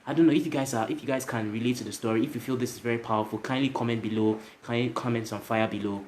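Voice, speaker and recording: Talking very fast in a mid-range, slightly mellow voice with fairly even intonation, a motivational speaker tells a story to livestream viewers. He speaks to them directly, repeats himself and keeps adding "right?" to his lines, with slight background noise behind him.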